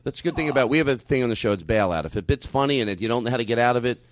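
A man's voice: medium pitch, very fast, slight background noise. A middle-aged man, a comedian and podcast host, rambling and interrupting himself in casual comedic banter. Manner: rambling, animated, self-interrupting.

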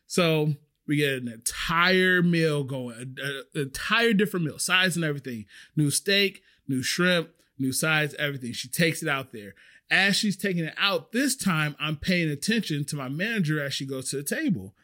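A man who works as a restaurant server, telling a story in a chatty, animated way. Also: on the high side, normal speed. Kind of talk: casual storytelling.

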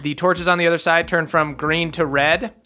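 A man's voice: a little high, steady tone, normal speed, sharp tone. A man narrating as game master of a tabletop game, often laughing as he describes what happens.

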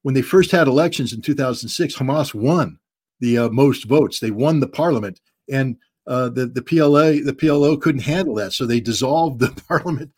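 A man answering interview questions bluntly, often repeating words and filling pauses as he searches for his phrasing. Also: medium pitch, darkish tone, slightly rough. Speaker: guest commentator.

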